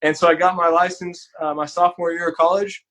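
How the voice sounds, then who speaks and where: A man's voice: high voice, little pitch movement, brisk, bright, forceful tone. A man from Texas, a podcast guest, telling an earnest, candid story in a casual, conversational way.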